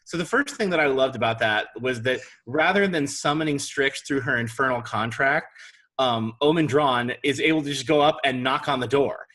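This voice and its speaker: A man's voice: mid-range voice, moderate pace, fairly bright tone. A man co-hosting a casual fan podcast, chatty and enthusiastic. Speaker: podcast co-host.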